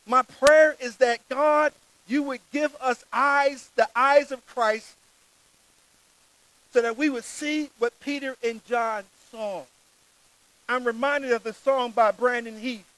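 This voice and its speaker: A man delivers a sermon in an unusually high voice. He reads scripture aloud and preaches earnestly, stressing his key words. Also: steady tone, takes it slowly, fairly bright tone, low-quality recording.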